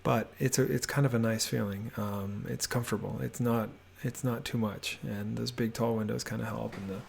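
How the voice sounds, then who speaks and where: A man giving a relaxed, rambling voiceover house tour from his home office, with many fillers and restarts. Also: lowish voice, normal speed, creaky, breathy edge. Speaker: homebuilding vlogger.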